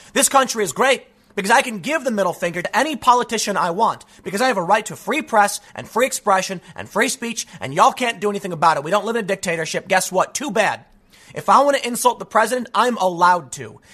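Fired-up male commentator, high voice. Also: fairly bright tone, slightly rough. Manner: emphatic, repeats phrases, casual address. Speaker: political commentator. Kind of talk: news commentary rant.

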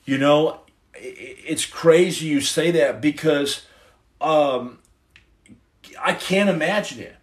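A man's voice: fairly high pitch, slow pace, pauses often. A middle-aged man hosting a livestream, giving his testimony in an earnest, preachy, casual way into his phone. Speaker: livestream host.

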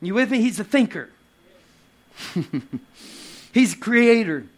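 A man preaching a lively sermon with playful asides and acted quotes. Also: high voice, slow. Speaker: pastor.

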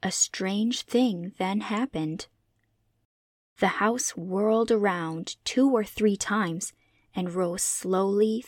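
A woman reading a classic children's novel aloud as narrator, in a measured, clear delivery. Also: medium pitch, a little mellow, dry recording, clean studio sound. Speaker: audiobook reader. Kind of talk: scripted storybook narration.

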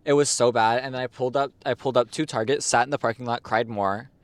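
Young male podcast co-host, candid and jokey, mid-pitched, dry studio sound. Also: fairly even intonation, quick pace, no room sound. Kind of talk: casual chat.

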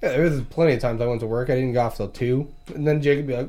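A man's voice: medium pitch, expressive, quick pace, mellow. A young man telling crude stories in casual chat, swearing and laughing as he talks. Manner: profane, laughing storyteller.

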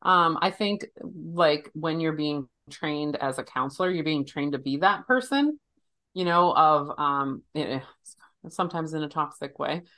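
Woman counselor, low voice, casual, searching speech. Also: a little slow, pushed and bright. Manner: searching, loose phrasing with many fillers. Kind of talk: casual conversation.

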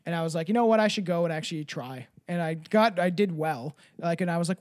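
High-voiced profane podcast man. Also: fast, few pauses. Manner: profane, rambling, laughs often. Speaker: podcast host. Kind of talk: casual podcast banter.

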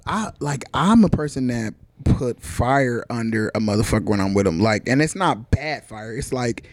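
A man's voice: mid-range voice, moderate pace, no echo. Slangy man on a podcast, dry sound. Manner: slangy, animated storytelling, acts out quotes. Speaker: podcast host. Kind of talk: casual chat.

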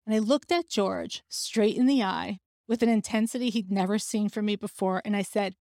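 A woman's voice: medium pitch, normal speed, creaky, few pauses, darkish tone, no echo, studio quality. Earnest woman telling her own story. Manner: earnest, emotional, candid. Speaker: podcast host. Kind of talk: personal storytelling.

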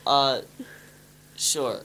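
A man's voice: mid-range voice, drawn-out words, bright, forceful tone. A man co-hosting a podcast with his sister, chatting hesitantly and teasing her dryly. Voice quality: hesitant, full of restarts, dry teasing. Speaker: podcast co-host. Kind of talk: casual chat.

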